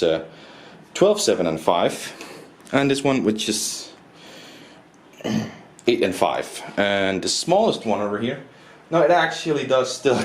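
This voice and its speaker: A man, a board game reviewer rambling casually through the rules and his opinions, often restarting his sentences. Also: fairly low pitch. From Denmark. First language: Danish. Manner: rambling, restarts often, self-deprecating asides. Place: indoors at a table. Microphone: camera mic, self-recorded. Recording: roomy echo, faint background noise.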